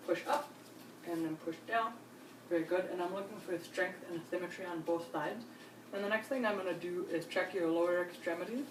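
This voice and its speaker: In a clinical demonstration, a nurse examiner with a fairly low voice calmly gives step-by-step instructions to a patient during an exam, offering frequent reassurance. The sound is roomy and distant, with faint hiss in the background.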